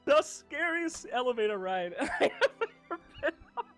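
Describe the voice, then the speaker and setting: A young man casually telling a funny anecdote, animated and excitable, swearing freely. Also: extremely high pitch, moderate pace, soft background music. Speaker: video creator.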